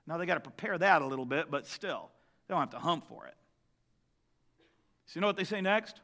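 A man delivers a sermon as animated storytelling with humorous asides. His voice sits high for a man. It has a bright, forward tone. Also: fairly quick, pauses often. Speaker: preacher.

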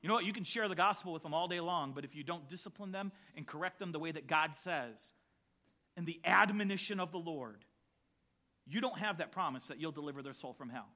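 A man preaching a sermon as a pastor, emphatic and building to shouts on key lines. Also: a little high, a little fast.

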